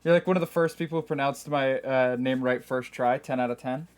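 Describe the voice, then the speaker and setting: Chatty and self-deprecating, a man laughs often as he streams a game live with typing heard in the background. His voice is mid-range, fairly even in intonation, and brisk.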